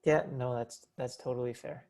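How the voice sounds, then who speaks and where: A man's voice: mid-range voice, steady tone, normal speed, a little mellow. Canadian man hosting a casual chat. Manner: friendly, stammering restarts. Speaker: podcast host. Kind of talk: casual interview.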